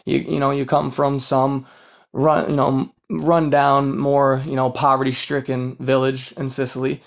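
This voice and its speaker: A man's voice: medium pitch, little pitch movement, a little slow, vocal fry. Rambling, profane male podcast host. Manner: rambling and profane, full of fillers and laughs. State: tired from a long work week. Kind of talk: casual true-crime podcast chat.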